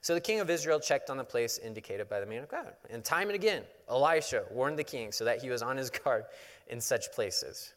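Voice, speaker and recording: Casting: male preacher, mid pitch, relaxed conversational storytelling, long hall reverb. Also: a little fast. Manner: casual, conversational storytelling with humor. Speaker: pastor. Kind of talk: sermon.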